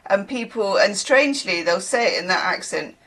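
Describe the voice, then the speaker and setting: Chatty woman with a lively voice. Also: medium pitch, moderate pace. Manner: rambling, chatty, with laughing asides. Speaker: tarot reader. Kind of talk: casual chatty reading.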